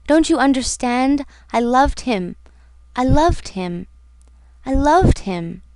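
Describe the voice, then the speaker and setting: Female reader voicing a heartbroken young woman: soft, faltering murmur, smooth and close. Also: high voice, lively intonation, slow, dry recording, heavily acted.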